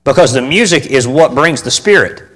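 A man's voice: medium pitch, animated, normal speed, a bit bright. Man preaching in a reverberant hall. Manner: conversational, repeats phrases for emphasis, asks the audience for responses. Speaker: preacher teaching on church music. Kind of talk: informal sermon to a congregation.

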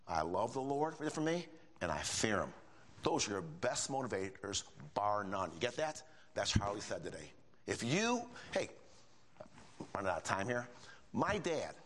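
Animated older preacher man, lively pitch. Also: moderate pace, long pauses. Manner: animated, rising to high emphatic bursts, folksy asides. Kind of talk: sermon.

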